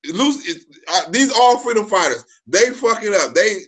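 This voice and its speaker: A man hosting a casual livestream chat, loose and slangy, swearing freely and bursting into shouts. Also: sits high, expressive, moderate pace. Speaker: livestream host.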